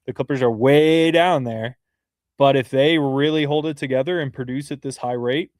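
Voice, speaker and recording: A man in the middle of his range talks sports in a casual podcast chat, earnest and quick, with little room sound around him. He restarts phrases often as he builds his points. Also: medium pitch, darkish tone, no room sound, studio quality. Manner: earnest, fast-flowing analysis with many restarts.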